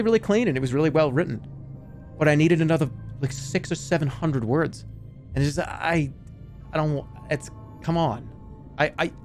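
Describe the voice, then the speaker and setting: A man streaming and chatting casually, rambling animatedly, swearing freely and laughing often. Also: medium pitch. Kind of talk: casual chat.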